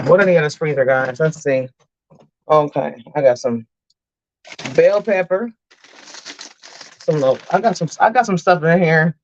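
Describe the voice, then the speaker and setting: A woman's voice: low-pitched, highs cut off, a little hiss or hum. A woman chatting with her viewers while she cooks on a live stream, calling them y'all. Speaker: cooking vlogger. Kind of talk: live-stream cooking chat. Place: home kitchen.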